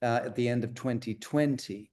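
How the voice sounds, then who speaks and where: A man's voice: medium pitch, normal speed, darkish tone. A man speaking as an interview guest in a rambling, conversational way, full of fillers and restarts.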